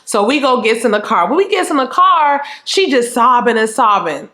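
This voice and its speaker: A woman with a high-pitched voice tells a story straight to her viewers in loose, casual chat. She is animated and profane, and she acts out scenes in quoted remarks. Her voice carries a roomy echo. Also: moderate pace. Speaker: vlogger telling a story.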